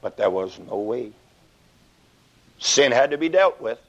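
A man preaching a sermon, dramatic, swinging from hushed whispers to shouted peaks. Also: medium pitch, lively intonation, a little slow. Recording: dull lo-fi recording.

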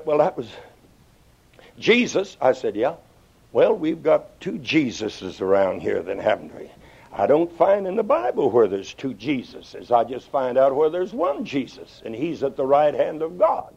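A man's voice: moderate pace, vocal fry, husky. Preacher man on a dull old tape. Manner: animated, sweeping pitch swings, quotes scripture in old English. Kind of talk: sermon.

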